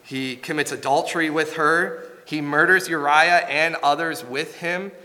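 Male preacher, 30s, earnest storytelling, halting restarts, bright tense voice, long hall reverb. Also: fairly high pitch, steady tone. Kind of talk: sermon with family anecdote.

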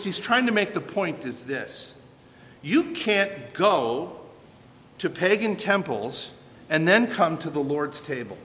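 A man preaching with a high, bright voice that rises and falls with energy. He keeps asking his listeners questions and answering them himself. His voice carries a long hall reverb. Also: slight background noise. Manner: animated, asks the audience rhetorical questions. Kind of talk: sermon.

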